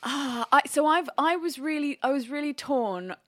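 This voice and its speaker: A woman's voice: high voice, animated, normal speed, fairly bright tone, dry recording, studio quality. A woman co-hosting a podcast, telling stories in casual chat with lots of laughter and self-deprecating asides. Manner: giggly, self-deprecating storyteller. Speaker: podcast co-host.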